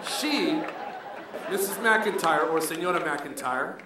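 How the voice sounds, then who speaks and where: A middle-aged man from Colombia performs a stand-up set in an animated style, weaving Spanish into English. His voice sits fairly high for a man. The recording is heavily echoey and distant, with a crowd audible throughout. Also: moderate pace, noisy background. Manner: animated, switches between English and Spanish, acts out characters. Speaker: stand-up comedian. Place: comedy club stage with live audience.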